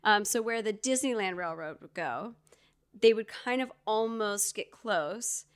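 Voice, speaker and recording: A woman's voice: mid-range voice, lively intonation, unhurried. A woman co-hosting a podcast in casual chat, telling stories with lots of fillers and asides. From Georgia, US. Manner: chatty storyteller, many fillers and asides. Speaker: podcast co-host.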